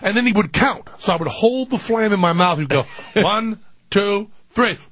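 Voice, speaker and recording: Man, gravelly and fairly high, animated comic storyteller, self-mocking; dry, dull recording. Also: brisk, no room sound. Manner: animated, laughing, self-mocking, with big pitch jumps. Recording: dull, dry, slightly muffled sound.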